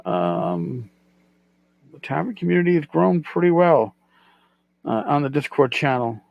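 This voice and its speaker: A man's voice: on the high side, measured pace, vocal fry, phone-quality sound. A middle-aged man hosting a casual solo podcast, rambling and self-deprecating, repeating his words as he goes. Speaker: podcast host.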